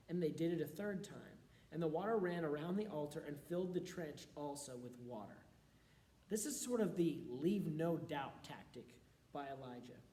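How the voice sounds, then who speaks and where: A man with a slightly high but mellow voice reads scripture aloud to a youth group. He stops often to explain the passage in quick, casual asides. The sound is roomy and echoing. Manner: reads aloud steadily, then breaks into quick, offhand explanations. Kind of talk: scripture reading with casual commentary. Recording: roomy echo.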